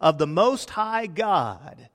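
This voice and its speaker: A man's voice: sits high, sing-song, slow, in a large hall, heavily acted. A man preaching who voices a tormented, demon-possessed man crying out and pleading. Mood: desperate pleading.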